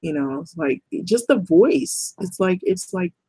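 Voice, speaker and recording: Middle-aged woman vlogger, husky, low-pitched, frank and meandering, swears freely. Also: animated, measured pace, dark tone, no echo. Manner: rambling, blunt, swears, laughs often. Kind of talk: casual monologue to camera.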